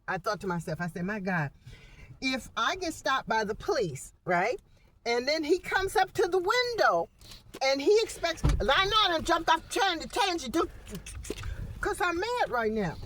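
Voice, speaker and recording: A woman talks heatedly into a phone from inside a small parked truck, rambling from one point to the next. Her voice sits a little high and swings widely in pitch as she vents, with a faint hum of background noise. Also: fairly bright tone. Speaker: vlogger. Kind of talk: ranting vlog monologue.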